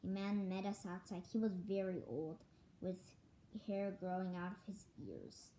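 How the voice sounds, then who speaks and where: A woman reading a children's book aloud in a halting way, often restarting words, recorded with room echo. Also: mid-range voice, steady tone, warm tone, a little hiss or hum. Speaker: storybook reader. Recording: echoey room.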